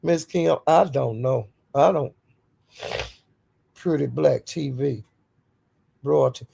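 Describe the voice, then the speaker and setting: A woman's voice: a bass voice, slow pace, gravelly, warm tone, slightly rough. A woman hosting a casual livestream, greeting viewers by name and speaking bluntly and defiantly. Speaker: livestream host.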